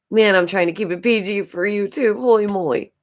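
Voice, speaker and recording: Exasperated woman vlogger with frequent laughs. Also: mid-range voice. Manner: exasperated, rambling, laughs often. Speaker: YouTube commentary host. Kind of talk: casual commentary vlog.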